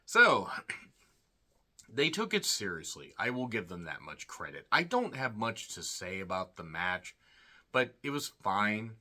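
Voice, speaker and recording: A man's voice: lowish voice, very animated, takes it slowly, pushed and bright. A man giving a rambling, sarcastic solo review of a wrestling show, full of snarky asides. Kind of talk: casual solo review commentary.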